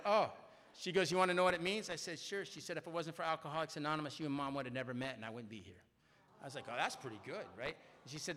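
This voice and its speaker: A man's voice: on the high side, bright, forceful tone. Middle-aged man telling a story in a hall. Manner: conversational storyteller, often asks "right?". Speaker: recovery meeting speaker. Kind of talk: personal story told to a crowd.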